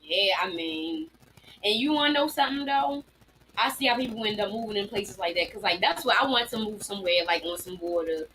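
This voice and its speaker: A woman with a Baltimore accent, a guest on a casual live-stream chat, playful and boastful and quick to laugh. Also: medium pitch, expressive, sharp tone, slight background noise, rough recording.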